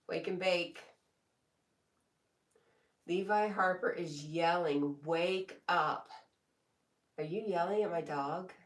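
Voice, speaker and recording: Slow-talking woman reading stream comments. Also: lowish voice, distant mic. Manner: slow, relaxed, laughs often between comments. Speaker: live streamer. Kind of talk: casual live stream chat, reading comments aloud. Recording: echoey room, voice a bit off mic.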